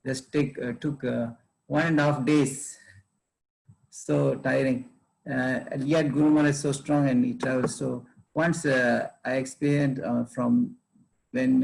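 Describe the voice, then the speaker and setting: A man recalls his years traveling as a secretary in a hesitant devotional talk, full of pauses and fillers. His voice is heavily gravelly and stays flat in pitch. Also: low-quality recording. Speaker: former traveling secretary sharing memories.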